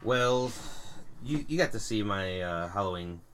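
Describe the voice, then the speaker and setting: A young man co-hosting a podcast, chatting casually and telling animated stories with puns. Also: on the low side, measured pace, crowd noise. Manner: animated storyteller, puns, laughs at own jokes. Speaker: podcast co-host. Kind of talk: casual chat.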